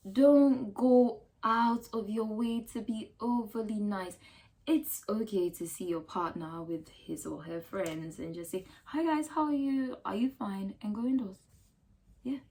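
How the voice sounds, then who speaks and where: A woman with a Ghanaian accent giving casual advice to camera in an emphatic, animated way, full of rhetorical questions. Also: medium pitch, takes it slowly. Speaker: lifestyle vlogger.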